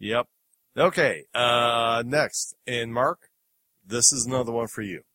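A man hosting a film review podcast chats casually as he plays clips, rambling, chuckling, and using many fillers. His medium-pitched voice takes things slowly, with a sharp tone and no room sound.

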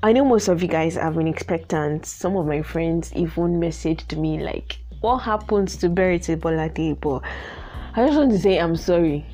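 A woman's voice: fairly low pitch, moderate pace, dark tone, soft background music. Chatty Nigerian woman podcast host. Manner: chatty and apologetic, frequent "like" fillers and laughs. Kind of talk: casual solo podcast chat.

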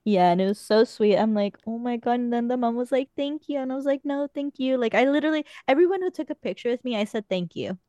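A woman's voice: on the high side, lively intonation, fast talker, few pauses, mellow, dry recording. A young woman on a podcast, casually telling stories in a chatty way with some swearing. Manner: chatty storytelling, frequent swearing. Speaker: podcast host. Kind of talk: casual chat.

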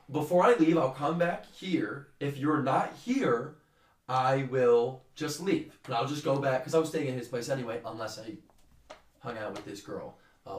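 A man's voice: fairly high pitch, a little hiss or hum. Young male co-host, loose and swearing, with echoey room sound and the mic set back. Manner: rambling, animated, swears freely. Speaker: podcast co-host. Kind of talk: casual storytelling chat. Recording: roomy, distant from the mic.

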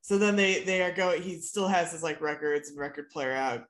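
A woman's voice: deep voice, little pitch movement, normal speed, echoey room. A woman co-hosting a casual chat about a TV episode, wry and sarcastic as she retells scenes. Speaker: podcast co-host.

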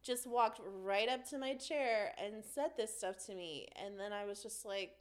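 A young woman on a podcast telling stories in casual chat, giggling often and getting animated. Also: medium pitch, moderate pace, hardly any pauses. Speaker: podcast guest.

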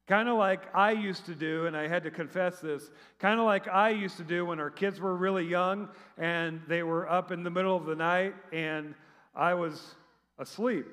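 A middle-aged man preaching a conversational sermon, animated and chatty, with sarcastic asides and frequent restarts. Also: high voice. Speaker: pastor. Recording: long reverb of a large hall.

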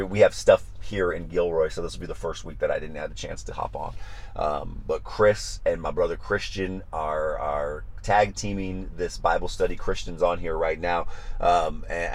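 A man with a low voice, a pastor, gives a passionate devotional talk on a livestream. He repeats his phrases and admits that he gets loud.

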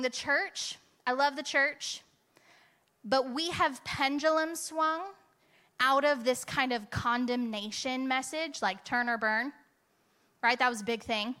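Woman pastor, chatty emphatic sermon delivery, higher-pitched and sharp. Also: unhurried. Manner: conversational and emphatic, with rhetorical "right?" asides. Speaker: preacher.

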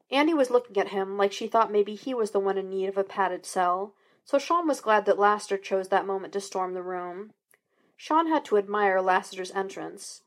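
Woman narrator, audiobook reading, steady, even, mid pitch. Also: normal speed. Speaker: podfic reader.

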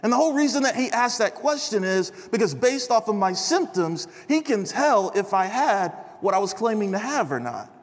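A young man giving a chatty, animated chapel sermon to a large audience, peppered with bro and dude. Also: high-pitched, moderate pace, few pauses, big-room sound. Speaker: chapel speaker. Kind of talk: casual storytelling sermon.

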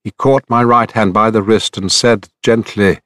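A man reading the lines of a grieving, wise middle-aged queen in a measured, sorrowful way. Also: lowish voice, steady tone, a bit bright, no echo, clean studio sound.

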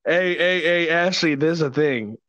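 High-voiced young man, crude and jokey. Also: normal speed, a bit bright, dry recording. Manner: crude, swears a lot, jokey. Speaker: podcast host. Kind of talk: casual chat. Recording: dull lo-fi sound, dry.

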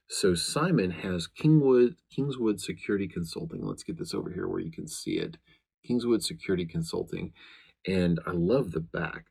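A man with a very low, gravelly voice hosts his own show as a law enforcement chaplain, talking casually to the camera. His delivery is earnest and meandering, full of restarts, and his tone is slightly husky.

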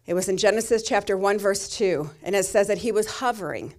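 A woman's voice: medium pitch, fairly quick, a little mellow. A middle-aged woman pastor giving a sermon, telling a personal story in a tender, emotional way.

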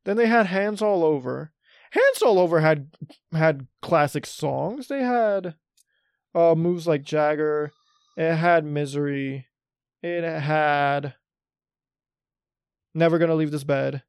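A young man in his twenties rambles through a casual podcast chat, thinking out loud as he goes. His voice sits a touch high with a gravelly fry, recorded close and dry. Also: takes it slowly, pauses often, dry recording. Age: 20s. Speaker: podcast co-host.

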